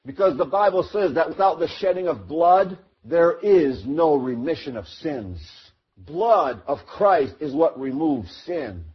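A man's voice: on the high side, expressive, measured pace, breathy edge, muffled recording. A man preaching a sermon, teaching verse by verse and acting out the scene in the story. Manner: storytelling, acts out the crowd and Noah, rising to shouts.

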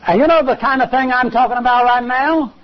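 A man preaching a sermon on television, emphatic, with rhetorical questions and sudden jumps in pitch. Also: a little fast. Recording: lo-fi television broadcast.

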